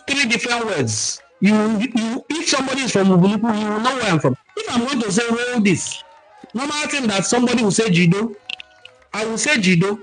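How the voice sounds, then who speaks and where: A man with a Nigerian accent hosts a livestream talk, his voice sitting notably high for a man. He teaches in an animated, emphatic way and reads out viewer comments. Faint music plays underneath. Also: poor audio. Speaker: cultural talk host.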